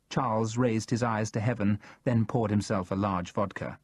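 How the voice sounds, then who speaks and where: A man narrating a first-person thriller audiobook in a steady, measured way, read close to the mic. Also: lowish voice, no echo.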